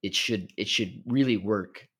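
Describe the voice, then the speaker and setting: A man's voice: on the low side, unhurried, breathy edge. A man co-hosting a podcast, chatting casually and playfully about comedy. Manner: playful, joking, does deadpan impressions. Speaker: podcast co-host. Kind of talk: casual chat.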